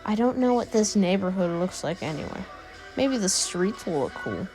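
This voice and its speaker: A woman's voice: medium pitch, lively intonation, moderate pace, darkish tone, soft background music, lightly acted. A woman doing an unbothered teen boy hero. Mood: offhand. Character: calm, unbothered teenage boy hero, overpowered.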